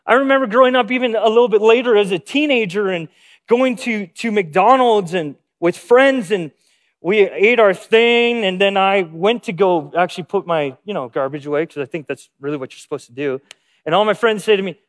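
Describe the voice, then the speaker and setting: This pastor's voice sits high and sounds expressive, moving at a moderate pace. His sermon begins with a story, and he performs the quoted lines of its characters.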